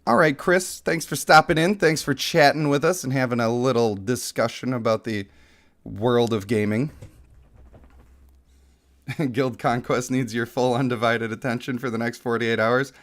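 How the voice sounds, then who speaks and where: A chatty man hosting a gaming stream, mid-pitched and easygoing. He laughs often and pokes fun at himself between lines of dramatic fantasy narration. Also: steady tone, moderate pace, fairly bright tone. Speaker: gaming channel host. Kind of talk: casual gaming commentary and dramatic reading.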